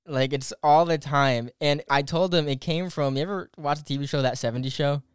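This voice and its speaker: A man's voice: a little high, fairly quick, clear, resonant tone, dry recording, clean studio sound. A young American man with a slight New Jersey accent, hosting a podcast and chatting casually over a video call, rambling with lots of fillers. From United States. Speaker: podcast host.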